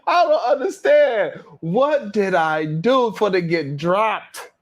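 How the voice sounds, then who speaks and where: High voiced dude w hosting a stream, slow, keeps laughing and repeating himself. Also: male voice, expressive. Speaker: stream host reviewing a panel. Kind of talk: casual livestream commentary.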